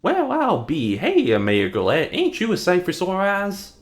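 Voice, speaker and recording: A man's voice: sits high, huge pitch swings, a little slow, soft background music, voice pushed up, exaggerated voice. A man voicing a cheerful, chatty young woman who is a cafe regular, in a bubbly sing-song manner.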